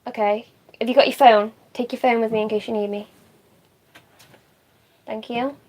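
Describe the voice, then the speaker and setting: Woman livestreamer, high voice, chatty, swears offhand, reads viewer comments aloud. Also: fairly even intonation, normal speed, a little mellow. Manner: chatty, laughs easily, swears casually. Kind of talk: casual live-stream chat reading comments.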